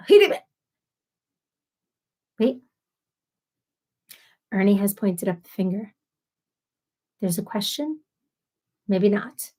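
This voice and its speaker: With a medium pitch, a woman in her thirties goes on an exasperated, lively rant during her casual live stream, doing voices for everyone she quotes.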